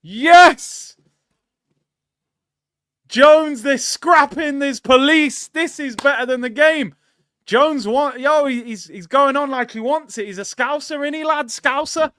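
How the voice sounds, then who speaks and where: A man hosting a live football watchalong, chatting to viewers with excitable reactions and bursts of shouting. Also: very high voice, unhurried, dry recording, studio quality. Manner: chatty, addresses viewers as "people".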